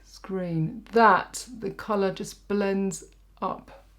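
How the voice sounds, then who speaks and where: A woman's voice: mid-range voice, steady tone, drawn-out words, fairly bright tone. A woman, a makeup artist giving a chatty, rambling tutorial and joking at herself as she works. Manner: rambling, self-mocking, talks while working.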